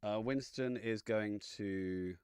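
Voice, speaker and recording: A man with a lowish voice plays a tabletop game. He narrates his character's moves in third person, step by step, with a playful manner. The sound is dry and close. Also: takes it slowly, a little mellow, clean tone, dry recording. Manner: playful, announces actions step by step. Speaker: player.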